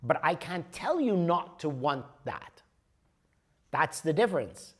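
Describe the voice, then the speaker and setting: A man's voice: on the high side, very animated, takes it slowly, fairly bright tone, husky. A man leading a workshop, explaining ideas patiently and often checking in with "okay?". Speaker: workshop leader. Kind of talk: workshop teaching. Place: workshop room.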